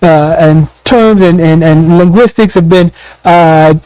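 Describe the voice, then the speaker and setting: Male host, high-pitched, relaxed conversational questions, dry room. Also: slow, clear, resonant tone, dry recording, low-quality recording. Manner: relaxed, gives short backchannel replies. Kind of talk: casual chat.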